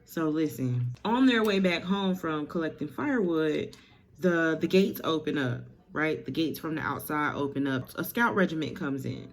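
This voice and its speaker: Low-voiced woman recapping a story. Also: moderate pace. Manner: animated, slangy, acts out quotes. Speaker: beauty vlogger.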